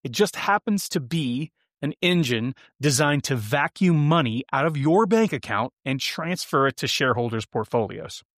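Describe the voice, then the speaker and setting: A man's voice: medium pitch, lively intonation, normal speed, hardly any pauses, a bit bright, no room sound, studio quality. A man hosting a podcast alone, delivering sarcastic, punchy and theatrical comedic commentary. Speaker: podcast host.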